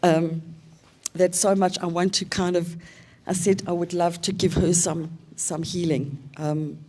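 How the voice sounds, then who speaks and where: South african lady in her 50s, lowish voice, slow reflective storytelling with lots of ums. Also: flat delivery, mellow. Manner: reflective storytelling with many pauses and fillers. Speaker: invited conference speaker. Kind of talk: personal testimony at a seminar.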